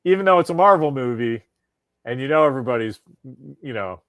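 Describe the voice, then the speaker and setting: A man co-hosting a casual podcast, talking in quick animated bursts and cursing freely. His voice sits at an ordinary middle pitch. The recording is dry and close, with almost no room sound. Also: no echo, narrow, tinny audio. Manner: animated, profane, frequent restarts. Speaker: podcast co-host. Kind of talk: casual chat.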